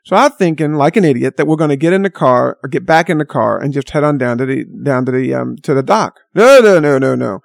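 A man's voice: medium pitch, animated, fairly quick, gravelly, hardly any pauses, dry recording, clean studio sound. An older man telling a rambling personal anecdote with exasperated, sardonic asides. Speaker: storyteller.

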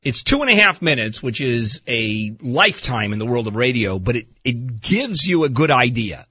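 A man's voice: medium pitch, pushed and bright, breathy edge, no echo, muffled recording. A man hosting a talk radio show, giving emphatic, pointed commentary. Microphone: studio microphone.

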